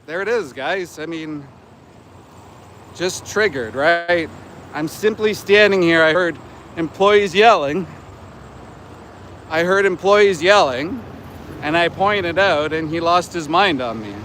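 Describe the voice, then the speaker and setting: A man in his forties, a vegan activist, livestreams a street vlog from a city sidewalk, with street traffic as faint outdoor noise behind him. His voice sits on the high side and is a bit bright, and he speaks slowly with frequent pauses. He talks indignantly and repeats himself whenever he's challenged.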